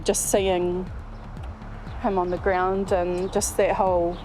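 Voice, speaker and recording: A woman's voice: on the low side, flat delivery, takes it slowly, music in the background. A woman psychic, speaking in fragmented, repetitive phrases.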